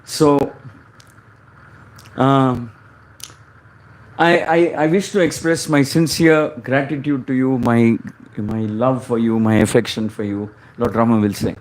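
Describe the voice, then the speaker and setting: A man's voice: medium pitch, steady tone, slow, pauses often. A man preaching a sermon, retelling scripture stories and acting out their dialogues.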